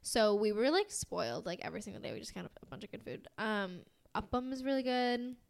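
Speaking a little fast with vocal fry, a young woman with an American accent has a medium-pitched, sing-song voice. She's a podcast co-host from the US whose casual chatter rambles, packed with fillers and giggles.

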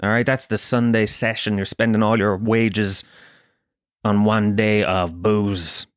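A man from Tralee with a Kerry Irish accent, ranting through a sweary comic monologue with sudden jumps up in pitch. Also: measured pace, no echo, clean studio sound. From Ireland, Tralee. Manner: swears a lot, animated rants with bursts of high pitch. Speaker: comedian. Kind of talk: stand-up style comic monologue.

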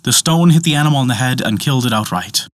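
A man narrating a myth as a storyteller, with expressive, dramatic delivery. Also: mid-range voice, fast, no room sound.

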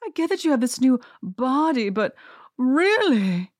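A woman mimicking a haughty, fashion-obsessed woman in a put-on British accent, drawn-out and snooty. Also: high voice, sing-song, no echo, clean studio sound, pitched above the performer's own voice, exaggerated voice. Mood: snooty scolding.

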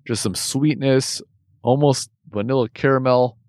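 A relaxed man of medium pitch talks through a whiskey tasting in easy, conversational chat. He laughs often and circles back on his words as he hunts for flavors. The sound is dry and close. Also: measured pace, dry recording. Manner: relaxed, laughs easily, thinks aloud with restarts.

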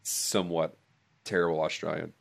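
A man co-hosting a podcast, teasing and deadpan in casual chat. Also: sits low, moderate pace, creaky. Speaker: co-host.

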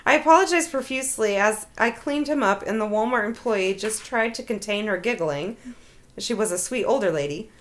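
A woman's voice: mid-range voice, animated, moderate pace. A woman hosting a casual show, reading funny stories aloud and laughing often between them.

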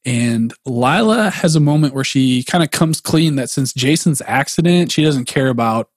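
A man's voice: mid-range voice, expressive, normal speed, no echo, studio quality. A man co-hosting a podcast, recapping an episode in a wry, laughing way. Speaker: podcast co-host.

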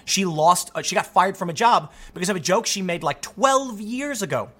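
A man giving opinionated solo commentary in an emphatic, animated way, often repeating words as he gets going. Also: sits high, normal speed, husky. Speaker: political commentator.

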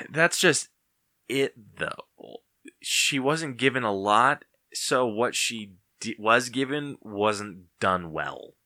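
A man co-hosting a casual podcast chat, relaxed and opinionated, laughing easily. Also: medium pitch, extremely slow, no echo, clean studio sound. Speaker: podcast co-host.

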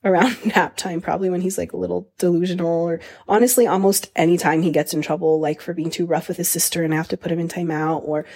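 A woman's voice: fairly low pitch, steady tone, quick pace, few pauses, darkish tone. A woman in her thirties, a mother hosting a podcast, chatting casually with frequent laughs and fillers. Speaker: podcast host. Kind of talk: casual chat.

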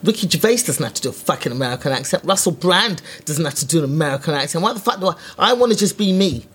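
A woman's voice: low-pitched, lively intonation, quick pace, breathy edge. A woman stand-up comedian in casual chat, talking bluntly with plenty of swearing. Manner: blunt, sweary, self-deprecating.

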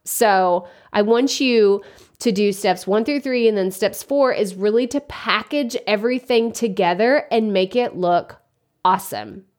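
A woman's voice: mid-range voice, unhurried, darkish tone. Chatty woman podcast host. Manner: chatty, self-correcting, acts out quoted questions. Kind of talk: casual podcast advice.

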